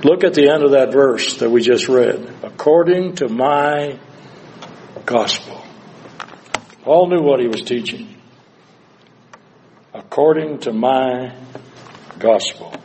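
An older man preaching a sermon, moving between hushed, slow passages and loud, dramatic cries. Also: medium pitch, slight background noise.

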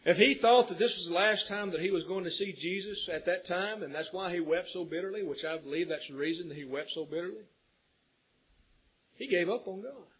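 Husky, earnest preacher man. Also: sits high, fairly quick, a bit bright, poor audio. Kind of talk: sermon.

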